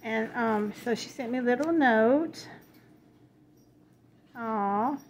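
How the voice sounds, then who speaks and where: Woman, chatty crafting vlogger, gushing, fairly high voice, faint background hiss. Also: slow. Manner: chatty, gushing, easily delighted. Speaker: crafting vlogger opening happy mail. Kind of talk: casual chat. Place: at home. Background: paper crinkling, dogs in the house.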